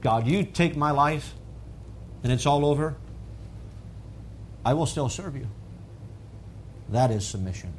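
A man preaching a sermon, swinging from calm teaching to loud, fervent high-pitched emphasis. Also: a little slow, pauses often, slight background noise.

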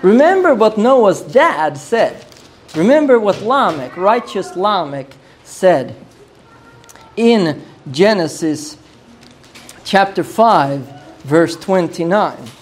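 This preacher has a high-pitched, very animated voice and a slow pace. Teaching on a Bible passage in sermon style, he muses aloud and repeats phrases as he works through the text.

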